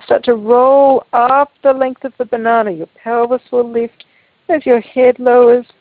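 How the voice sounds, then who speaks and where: A woman leads a Feldenkrais lesson over a video call, giving slow, gentle instructions in a calm voice. Her voice has a gravelly texture. The audio is tinny and phone-like, with no room sound. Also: on the high side, no room sound. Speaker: Feldenkrais teacher.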